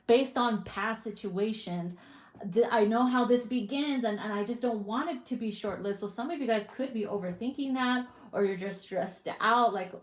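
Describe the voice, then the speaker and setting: A woman's voice: a little high, lively intonation, normal speed. A woman giving a casual tarot reading, swearing freely and laughing often. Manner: profane, bubbly, laughs often. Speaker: tarot reader.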